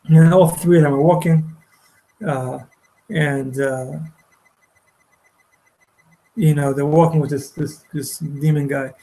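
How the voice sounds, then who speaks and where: Gravelly man retelling a story haltingly. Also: fairly high pitch, steady tone, dark tone, poor audio. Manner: halting, repeats words, many restarts. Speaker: teacher. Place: study hall.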